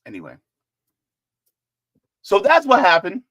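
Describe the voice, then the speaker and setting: A man hosting casual political commentary in an animated, joking way, with chatty asides. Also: mid-range voice, measured pace.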